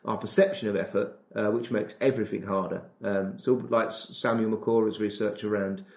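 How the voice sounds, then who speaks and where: A man, a running coach and podcast guest, explaining ideas in casual chat with an animated manner and acted-out asides. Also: lowish voice, a little fast, vocal fry, roomy sound. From Britain. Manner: animated, acts out his inner dialogue.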